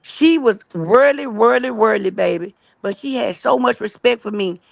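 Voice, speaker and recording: A woman giving a rambling, earnest religious testimony, talking fast and emphatic and keeping listeners in with "right?" and "y'all". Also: a little high, gravelly, no echo. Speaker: guest telling her story.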